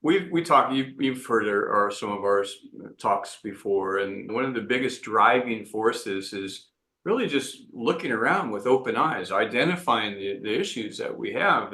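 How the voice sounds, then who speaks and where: A man's voice: on the low side, bright, forceful tone, reverberant. A man speaking earnestly as an entrepreneur guest in an interview, often restarting his sentences. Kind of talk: reflective interview talk.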